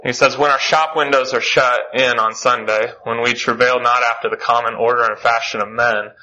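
Man leading a church class lesson, bright tone, reads quotes then comments. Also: medium pitch, fairly even intonation, normal speed, rough recording. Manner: reads quotations aloud with many fillers.

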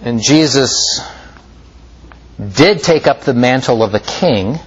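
A man preaching a sermon in a slow, measured way, rising and falling as he stresses points. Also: muffled recording, a little hiss or hum. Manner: slow, measured preaching with lively pitch swings.

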